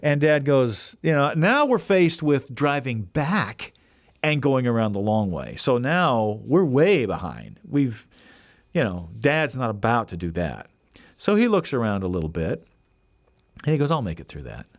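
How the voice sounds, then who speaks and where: A man hosts a podcast and tells a casual story with animated swings of pitch, acting out the people he quotes. His voice sits mid-range for a man. The sound is dry and close, with no room echo. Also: a little slow. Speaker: podcast host.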